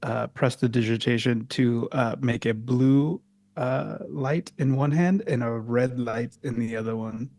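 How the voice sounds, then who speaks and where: A man player at a tabletop game who speaks in a hesitant, halting way. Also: medium pitch, darkish tone, no room sound. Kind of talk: casual chat at a tabletop game.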